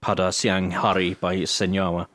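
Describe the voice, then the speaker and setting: Deep-voiced man hosting a casual podcast. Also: level tone, moderate pace, fairly bright tone, no echo, clean studio sound. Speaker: podcast host.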